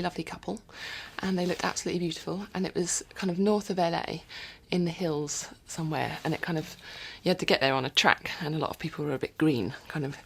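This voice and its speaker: A woman's voice: low voice, gravelly, husky. A woman musician rambling casually in a video diary from her recording studio, often dropping into whispered asides.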